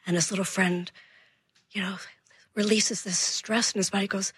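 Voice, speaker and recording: Brief: female parenting expert guest, slightly husky, dry close mic, animated storyteller. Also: on the low side, unhurried, no room sound. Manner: animated storyteller acting out dialogue. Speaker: guest child behavior expert. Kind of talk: radio interview storytelling.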